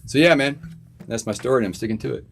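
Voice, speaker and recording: A man from Florida, a musician hosting a live stream from his home studio, chatting casually with viewers, laid-back and quick to laugh. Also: medium pitch, gravelly, music in the background.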